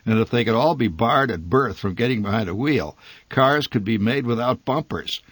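A man's voice: mid-range voice, expressive, normal speed, a bit bright, no echo. A man narrating a humorous, nostalgic story in a wry storytelling manner.

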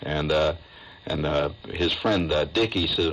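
A man's voice: a bass voice, unhurried, fairly bright tone, slightly rough, low-quality recording. A man, hosting a radio show and telling a long comic story in a chatty, rambling way with amused asides.

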